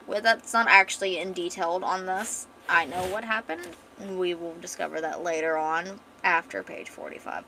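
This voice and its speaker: A woman's voice: lowish voice, vocal fry, bright, forceful tone, a little hiss or hum, poor audio. A woman casually reading her own comic aloud on a stream, chatty and rambling as she explains the panels. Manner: chatty, rambling, lots of likes and restarts.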